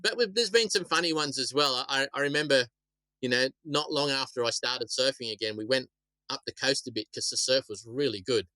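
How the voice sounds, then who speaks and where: A man's voice: mid-range voice, a little fast, bright, forceful tone, no room sound, low-quality recording. A middle-aged Australian man, a shark attack survivor, telling stories casually in a rambling way, often repeating words. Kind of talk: casual storytelling interview.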